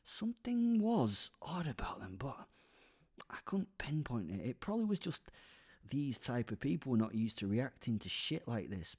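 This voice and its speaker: A man's voice: medium pitch, a little mellow, breathy edge. A man telling a comic first-person tale as a podcast host, wandering into asides and dropping to a whisper. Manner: rambling asides, drops into whispers.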